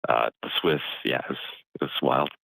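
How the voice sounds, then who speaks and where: A man's voice: very deep voice, fairly even intonation, a little slow, gravelly, a bit bright, no echo, poor audio. A man calling in to a talk show, chatting casually and reacting with eager enthusiasm. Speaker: caller. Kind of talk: casual phone-in chat.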